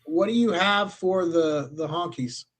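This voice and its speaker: A man hosting a podcast who moves the chat along with many pauses and filler words. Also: high-pitched, fairly bright tone. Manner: hesitant, full of filler words. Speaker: podcast host. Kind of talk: casual chat.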